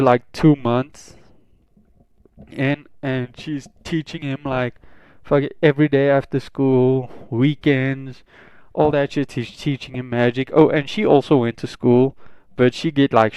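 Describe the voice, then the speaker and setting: A young man narrates an improvised fan-fiction story in a loose, rambling way, full of swearing and asides. His voice is smooth and clear. It sounds dry and close to the mic. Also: medium pitch, darkish tone, no room sound. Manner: rambling, profane, casual. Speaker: online storyteller.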